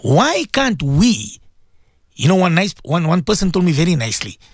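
A man's voice: high voice, sing-song, normal speed, no echo, studio quality. A man hosting an Islamic radio show, preaching with passion, asking rhetorical questions and repeating himself for emphasis. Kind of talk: impassioned religious radio talk.

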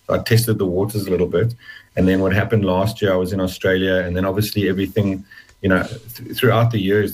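A man with a very low, husky voice gives a heartfelt personal testimony as an interview guest. He speaks in quick bursts, stumbling and repeating words as he goes. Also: low-quality recording.

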